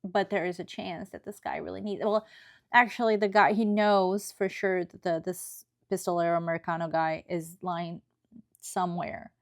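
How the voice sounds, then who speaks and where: A woman's voice: lowish voice, level tone, normal speed. A woman giving an earnest, emotional book review in a casual, chatty way, often checking in with tag questions.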